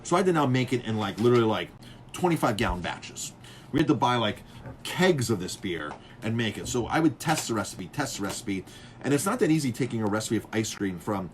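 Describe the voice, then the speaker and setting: Slight background noise accompanies this fairly low-pitched man, a chef and restaurant owner, as he casually recounts rambling stories about beer. He's an animated storyteller who acts out others' lines, his speech full of fillers and restarts.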